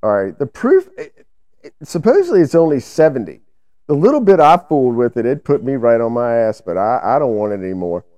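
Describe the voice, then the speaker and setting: Laid-back animated man, dry close sound. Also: medium pitch, brisk, dry recording. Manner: loose, laid-back storytelling with profanity. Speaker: podcast co-host. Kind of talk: casual banter.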